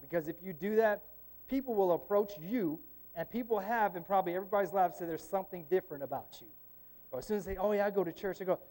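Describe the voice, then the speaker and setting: A high-pitched man delivers a relaxed sermon in a church. He tells stories with joking asides and keeps checking in with the congregation. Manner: chatty, joking asides, frequent "amen?". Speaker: lay preacher. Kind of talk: conversational sermon.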